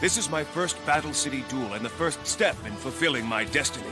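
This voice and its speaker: A man's voice: medium pitch, animated, a little fast, lightly acted. An actor voicing an earnest, determined young male hero in a cartoon dub, with music under him. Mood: resolute. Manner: earnest, resolute. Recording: played over loud music.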